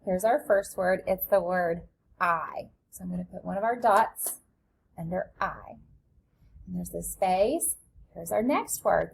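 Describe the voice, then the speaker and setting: A woman's voice: mid-range voice, vocal fry, a little hiss or hum. A woman teacher giving a phonics lesson to young children, patient and encouraging as she reads along. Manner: slow, patient, encouraging delivery.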